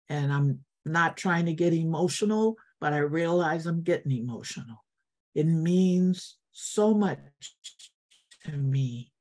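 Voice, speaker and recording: Older woman, guest speaker to an online meditation group. Slow, low, heartfelt and encouraging, repeats phrases. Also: dark tone. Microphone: video call.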